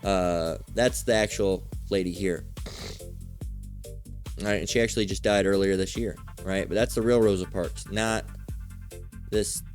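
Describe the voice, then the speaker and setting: A man's voice: deep voice, steady tone, unhurried, long pauses, faint music behind. A man giving a fiery religious lesson, swearing often and checking in with "all right?" after nearly every point. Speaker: religious teacher. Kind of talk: street preaching lesson.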